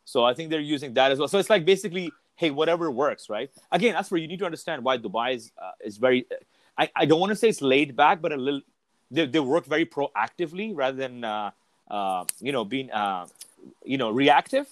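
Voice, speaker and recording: A man speaking as a podcast guest in a relaxed, candid chat. He swears without a second thought and keeps restarting his sentences as he tells a story. His voice sits mid-range and sounds close and dry. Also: mid-range voice, a little fast, no echo. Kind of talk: casual chat.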